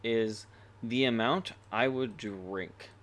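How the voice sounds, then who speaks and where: A young man in his twenties co-hosting a podcast, rambling and poking fun at himself, with loud bursts when he jokes. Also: fairly low pitch, takes it slowly. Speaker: podcast co-host. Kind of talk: casual chat.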